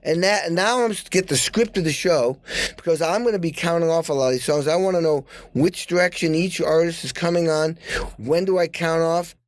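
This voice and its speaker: Animated storytelling man, fairly high voice. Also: fairly quick, no echo. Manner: animated, acts out quotes with excited jumps in pitch; hums rhythms aloud. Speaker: podcast guest. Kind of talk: casual storytelling chat.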